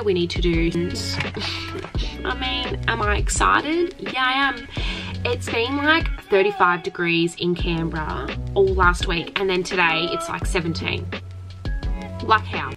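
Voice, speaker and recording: A woman, talking to camera in a casual vlog from a caravan. She talks in a hyper, giggly, rambling way and swears freely. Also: fairly low pitch. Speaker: vlogger. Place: caravan, indoors.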